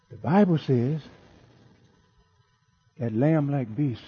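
A man preaching from the pulpit in a high, sing-song voice that swoops all over. He leans hard on his words and says key phrases twice. He chuckles often as he talks to his congregation. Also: husky, lo-fi sound. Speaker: pastor. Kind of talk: sermon.

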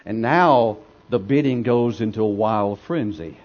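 A man delivers a dramatic sermon as a story, swelling in intensity and then dropping to near whispers. His voice sits on the low side and moves at a measured pace. The recording is dull and lo-fi.

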